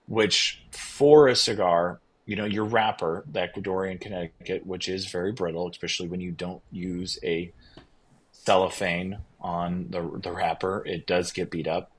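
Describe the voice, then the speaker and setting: A man's voice: deep voice, breathy edge, poor audio. A man, a winery owner guest on a podcast, telling his story in a casual, enthusiastic, rambling way. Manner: enthusiastic, rambling, quotes others in lively bursts.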